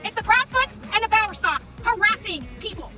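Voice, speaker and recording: A very high-voiced woman rants quickly and combatively from her car, repeating her taunts. She sits a little back from the phone, and clear music plays behind her. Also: big pitch swings, distant mic. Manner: heated, confrontational, repeats taunts. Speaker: live streamer. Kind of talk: angry live-stream rant and confrontation. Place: in a car in traffic.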